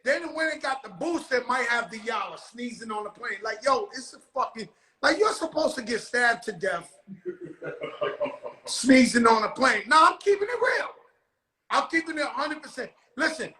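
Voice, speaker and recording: Loud, bright-voiced rowdy man host. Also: extremely high pitch, lively intonation, normal speed, roomy sound, low-quality recording. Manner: rowdy, profane storytelling with shouted bursts. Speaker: show host. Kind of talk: casual chat.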